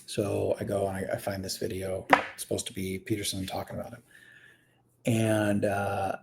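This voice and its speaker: In a casual conversation, a man in his thirties tells a personal story, rambling with plenty of fillers and restarts as he swings between quiet and animated. His gravelly voice sits on the low side at a moderate pace, and the recording is very noisy.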